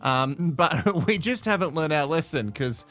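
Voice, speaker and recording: A man's voice: on the high side, expressive, a little slow, a bit bright, soft background music. A man from Australia hosting a live show from home in playful, teasing casual commentary. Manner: chatty, playful, teasing, laughs often. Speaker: host.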